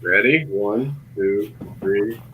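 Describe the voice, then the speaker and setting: A man co-hosting a podcast in casual chat on a headset, eager and excitable. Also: lowish voice, drawn-out words, phone-quality sound, slight background noise. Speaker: podcast co-host. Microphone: headset on a voice call.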